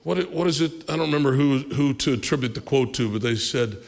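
A male pastor with a gravelly edge to his voice preaches in an easy, conversational way, now and then jumping up with energy. His voice carries a long echo from a large church hall. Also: mid-range voice, brisk. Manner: animated, conversational preaching with asides and laughs. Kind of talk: sermon. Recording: reverberant hall.

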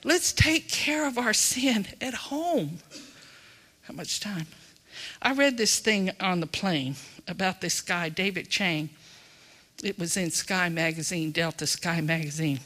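Bright-voiced preacher with a drawl. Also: medium pitch, slow pace. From Texas. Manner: folksy, emphatic, swings between loud and hushed. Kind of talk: sermon.

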